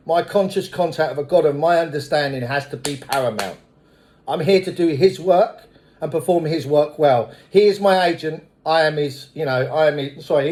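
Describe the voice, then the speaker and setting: Man, high-pitched, middle-aged, blunt, swears, recovery testimony. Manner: lively storyteller. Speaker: speaker at a recovery meeting.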